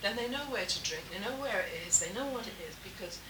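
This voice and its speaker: A woman's voice: mid-range voice, animated, quick pace. Hesitant older woman, distant and echoey. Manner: thoughtful, hesitant, searches for words. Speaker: Bible study member. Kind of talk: casual group discussion. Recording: distant, echoey, hissy room recording.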